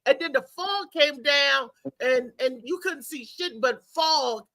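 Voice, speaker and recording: A woman comedian telling comic stories in casual chat, animated and laughing, acting out the people in her stories. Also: high voice, slow pace, dry recording. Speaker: stand-up comedian guest.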